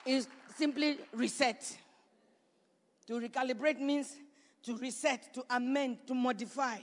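A woman pastor preaching a sermon in a church, building to shouts and repeating her points. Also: sits high, steady tone, unhurried. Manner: preaching with rising shouts and repetition. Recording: reverberant church hall.

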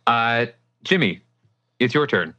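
A man narrating as game master of a tabletop game, relaxed and descriptive, with many fillers. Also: mid-range voice, slow, no room sound.

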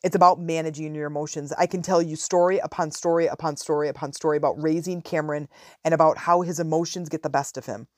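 A woman's voice: low-pitched, fairly even intonation, no echo, studio quality. A woman in her forties telling a parenting story in a frank, casual monologue as a podcast host. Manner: frank, conversational, drawn-out emphasis.

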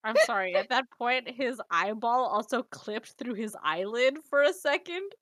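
A woman's voice: fairly high pitch, animated, moderate pace, a bit bright, no room sound. A woman co-hosting a casual let's-play, giving giggly, playful reactions and comments. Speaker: co-host.

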